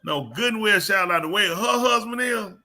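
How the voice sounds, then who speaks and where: Animated man telling a story. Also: high voice, moderate pace. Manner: animated storytelling with loud laughs. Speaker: co-host. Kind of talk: casual live call-in banter.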